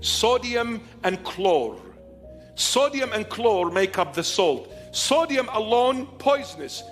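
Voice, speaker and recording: A man preaching a sermon, emphatic and repetitive, swinging between loud stresses and hushed lines. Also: high-pitched, sing-song, slow, soft background music. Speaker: bishop preacher.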